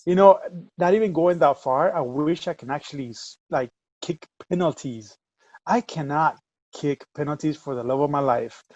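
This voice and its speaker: A man co-hosting a soccer podcast, telling animated stories in casual chat over a remote link. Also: fairly high pitch, moderate pace, no room sound. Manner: animated storyteller. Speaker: podcast co-host. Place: home, remote call. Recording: dull lo-fi remote audio.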